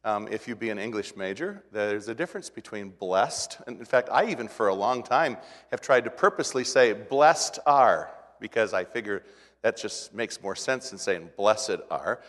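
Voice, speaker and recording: A middle-aged pastor preaching a sermon in a folksy, conversational way, with restarts and rising emphasis. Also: male voice, lowish voice, animated, moderate pace, a bit bright, long reverb tail.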